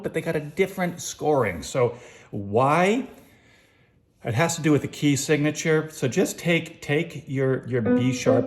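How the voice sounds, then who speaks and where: A man's voice: medium pitch, darkish tone. A man giving a casual music lesson, explaining time signatures, counting beats aloud and singing short snippets. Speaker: music teacher.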